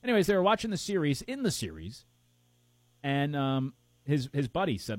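Casual male co-host, lively and animated delivery, rambling, dry close recording. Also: medium pitch, fairly quick, no room sound. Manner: rambling, searching for names with fillers. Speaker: podcast co-host. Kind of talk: casual chat.

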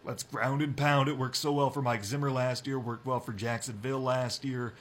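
A young man hosting a sports radio show, talking football in a brisk, opinionated way. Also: mid-range voice, steady tone. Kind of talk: casual sports talk.

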